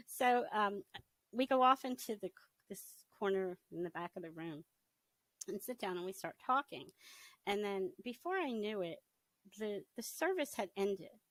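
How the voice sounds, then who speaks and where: Middle-aged woman telling her own story, chatty, laughs a lot, does her old thoughts out loud, dry close mic. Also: mid-range voice, lively intonation, normal speed, no room sound, poor audio. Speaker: interview guest. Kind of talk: personal testimony, casual storytelling.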